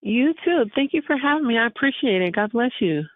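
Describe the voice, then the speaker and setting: A woman's voice: a little high, animated, a little fast. A woman being interviewed as an author, speaking with joyful religious fervor and laughing often. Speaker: author guest. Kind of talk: phone interview. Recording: tinny phone line.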